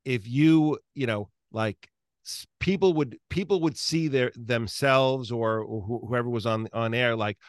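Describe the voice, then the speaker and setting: A man's voice: mid-range voice, measured pace, no echo, clean studio sound. Rambling man hosting an interview. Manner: rambling, animated, self-interrupting. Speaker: podcast host. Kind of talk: casual interview chat.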